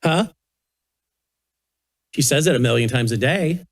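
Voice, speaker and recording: Older man coaxing a toddler, lively. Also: medium pitch, a little slow, dry recording, clean studio sound. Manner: soft coaxing baby talk. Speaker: host. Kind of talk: casual chat with a toddler on air. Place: broadcast studio at a news desk.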